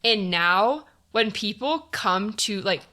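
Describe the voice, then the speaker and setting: A young adult woman co-hosting a casual podcast chat, chatty and quick to apologize for cutting in. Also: mid-range voice, animated, pushed and bright.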